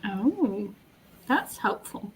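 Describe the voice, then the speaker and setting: A woman's voice: medium pitch, very animated, drawn-out words, slight background noise. Laughing British woman, thinking aloud. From Britain. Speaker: guest guessing riddles. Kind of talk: casual chat.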